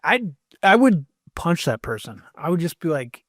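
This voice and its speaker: Animated man in casual chat. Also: on the high side, normal speed, dry recording, studio quality. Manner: animated, jokey, slips into voices and mimicry. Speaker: podcast co-host. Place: lives in Virginia.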